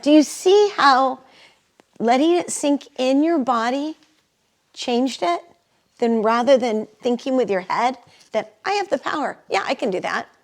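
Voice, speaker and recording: A middle-aged woman with a high, unhurried voice leads a live wellness workshop as an energy healer. She is chatty and laughs often while guiding the group through affirmations.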